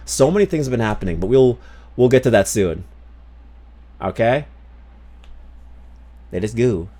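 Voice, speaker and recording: A man's voice: mid-range voice, expressive, measured pace, mellow. A man streaming a game, chatting casually to his viewers in a rambling, profane way with many restarts.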